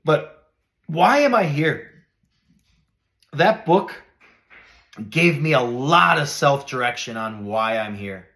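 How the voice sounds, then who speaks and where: A middle-aged man hosting a motivational podcast, speaking earnestly and preacherly, dropping to soft reflective lows and rising to emphatic highs. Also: lively intonation, slow pace, long pauses. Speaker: podcast host.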